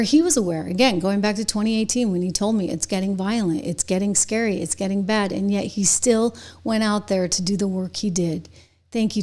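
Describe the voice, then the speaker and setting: A woman hosts a political commentary show in an opinion monologue, speaking directly to the people watching. Her voice sits at an ordinary middle pitch. She grows indignant and pushes into loud, emphatic stretches.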